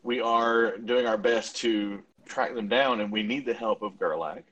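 A man's voice: lowish voice, a little slow, highs cut off, crowd noise, close to an everyday voice. Man playing a courteous elf emissary. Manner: courteous, formal.

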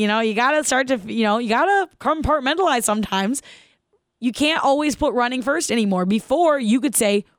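A woman in her thirties hosting her own podcast, telling a personal story in an animated, casual way, laughing as she goes and asking listeners questions. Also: on the high side, dry recording, studio quality. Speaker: podcast host.

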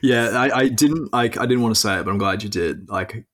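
A man's voice: on the low side, fairly quick. A man as a podcast guest in casual chat, rambling and opinionated with lots of filler words.

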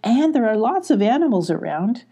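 A sweet, gentle young girl in a storybook, soft and kind in a raised voice, as a woman voices her. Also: fairly high pitch, big pitch swings, normal speed, slightly rough, voice pushed up, full character voice. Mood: cheerful.

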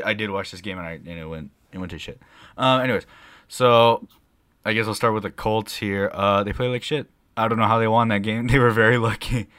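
A young man co-hosting a casual podcast, telling a rambling story with lots of swearing and excitable bursts. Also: fairly low pitch, clean tone, dry recording. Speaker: podcast co-host. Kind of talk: casual chat.

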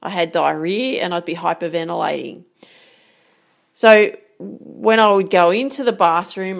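Speaking directly to camera, a sports mindset coach in her forties addresses her audience earnestly and emphatically, asking frequent rhetorical questions. Her voice is lowish, gravelly and a little slow.

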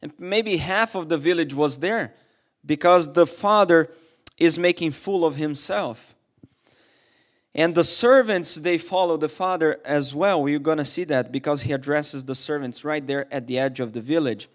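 A man's voice: a little high, moderate pace. A man preaching a sermon as a pastor in a church, earnest and emphatic, often restarting his sentences.

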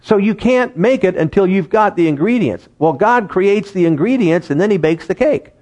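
Animated high-voiced male preacher. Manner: animated, laughs at his own jokes, slows to stress words. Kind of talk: sermon with Bible reading.

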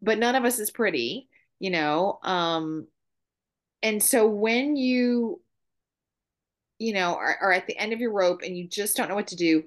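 A woman's voice: medium pitch, expressive, measured pace, pauses often. A middle-aged woman, a guest on a podcast, telling heartfelt stories in earnest. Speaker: guest, mother. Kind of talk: casual conversation.

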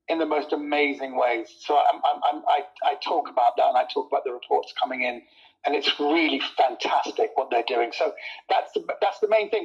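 A comedian guest in a casual interview tells animated stories in a slightly high voice, laughing often and tripping over repeated words as he starts sentences. The audio is dull and lo-fi.

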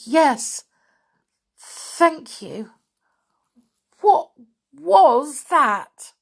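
A woman reading as a young boy wizard in a storybook, anxious and startled. The voice lifts higher than the narration, with a breathless edge. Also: big pitch swings, extremely slow, gravelly, heavily acted. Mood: shaken. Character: frightened schoolboy wizard.

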